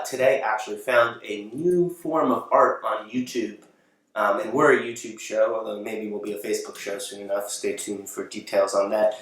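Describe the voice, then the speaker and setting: A man's voice: medium pitch, fairly bright tone. A man hosting a home talk show in his apartment, delivering a casual monologue that rambles, corrects itself and breaks into chuckles mid-sentence. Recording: very echoey room, mic far off.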